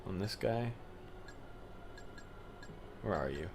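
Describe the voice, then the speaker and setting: A man streaming a video game, commenting casually and yelling and swearing at it when things go wrong. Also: low voice, slow, gravelly, noisy background. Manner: excitable, swears, yells at the game. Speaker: gamer streamer.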